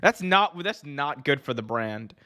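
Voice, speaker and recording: A man's voice: medium pitch, sing-song, unhurried, sharp tone, clean tone, no room sound, studio quality. A man co-hosting a casual live-streamed chat, rambling with lots of restarts and laughter while he reads out the chat. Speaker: podcast co-host.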